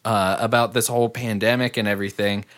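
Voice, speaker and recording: A man's voice: on the low side, level tone, fast talker, fairly bright tone. A man telling a story in casual chat, rambling with many fillers and lots of swearing.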